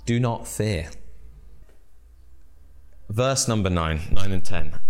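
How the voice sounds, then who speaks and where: A man preaching a sermon as pastor, emphatic, with rhetorical questions and dramatic pauses. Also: low voice, animated.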